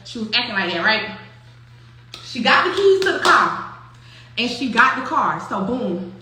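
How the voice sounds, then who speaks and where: Animated high-voiced woman telling a story. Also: moderate pace, very echoey, noisy background. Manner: animated, profane, laughs often, acts out quotes. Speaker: storyteller recounting a personal story. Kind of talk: casual storytime chat.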